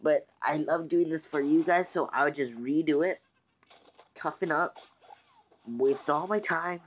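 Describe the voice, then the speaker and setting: Rambling young-sounding gaming YouTuber guy. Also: fairly high pitch. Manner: rambling, many restarts and fillers. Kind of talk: casual let's-play commentary.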